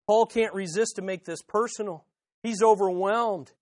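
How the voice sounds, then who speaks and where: Casting: pastor mid-sermon, emphatic, repeats phrases, swings from loud peaks to hushed asides, mid pitch. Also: normal speed, dry recording, clean studio sound. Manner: rhetorical questions and answers. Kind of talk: expository sermon.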